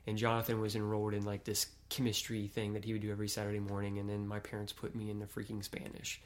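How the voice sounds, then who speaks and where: A man from Kentucky with a low voice and a fairly flat delivery chats in an easygoing way. His talk is full of filler phrases. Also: fast talker, slight background noise. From Kentucky, USA. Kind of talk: casual conversation.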